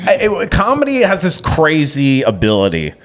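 Man, stand-up comic, rambling halting stories, lively up-and-down pitch. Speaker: stand-up comedian. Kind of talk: casual podcast chat.

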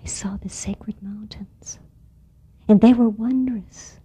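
A shy little boy mouse, hushed and halting as he stammers out his questions, as a woman storyteller puts him on. His tone stays mellow and warm, and he sounds earnest and wide-eyed. It is a live storytelling telling. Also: mid-range voice, steady tone, breathy edge. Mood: awed. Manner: soft, hushed and hesitant, stammering. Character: timid little male mouse, curious and earnest. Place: live storytelling performance in a barn venue.

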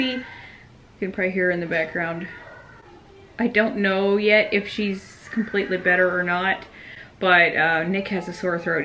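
A woman in her thirties chatting casually to the camera in a family vlog, easygoing with soft laughs. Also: on the low side, a little hiss or hum, low-quality recording. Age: 30s. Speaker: family vlogger.

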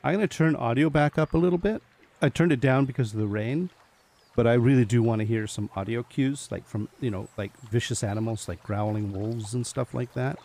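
A man's voice: medium pitch, a little fast, vocal fry, a little mellow. A man giving casual gameplay commentary, chatting to the animals he meets and laughing often as he plays. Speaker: gaming video host.

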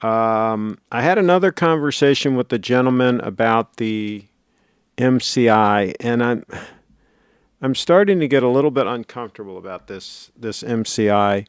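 A man's voice: medium pitch, moderate pace, clean tone, no room sound, clean studio sound. A middle-aged man hosting a casual livestream, reading viewer comments aloud and rambling on in a chatty, self-correcting way.

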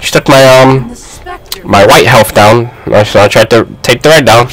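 A young man giving excited, trash-talking commentary while playing a fighting game. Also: mid-range voice, measured pace, rough recording. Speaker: gaming YouTuber.

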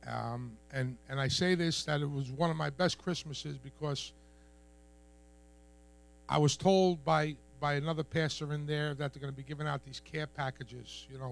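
Gravelly man giving a halting testimony. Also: a little high. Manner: halting, repeats words as he talks. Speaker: church member giving testimony. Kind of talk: personal testimony at an open mic. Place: church deck at an open-mic event.

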